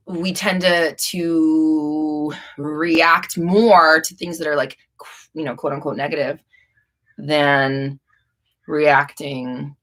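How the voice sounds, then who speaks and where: A woman's voice: fairly low pitch, fairly bright tone. A young woman hosting a live Q&A stream, rambling and casual with frequent restarts and swearing. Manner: rambling, profane, chatty with restarts. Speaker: livestream host.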